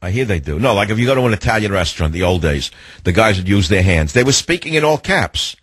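A man hosting a late-night call-in radio show, talking in a rambling, emphatic monologue with a husky voice. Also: lowish voice, very animated, quick pace, a bit bright, no room sound. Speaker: radio talk show host. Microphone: studio microphone.

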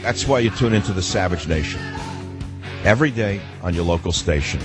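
A man's voice: deep voice, expressive, a little fast, music in the background. An older man hosting a talk radio show, ranting sarcastically with mocking rhetorical questions. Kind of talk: combative talk radio monologue.

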